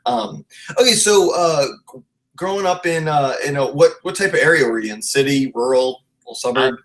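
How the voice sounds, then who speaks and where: A man's voice: medium pitch, normal speed, fairly bright tone. A young man from the Baltimore area hosting a podcast interview, chatting loosely with frequent laughs, restarts and swearing. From Baltimore area, USA. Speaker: podcast host. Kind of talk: casual interview chat.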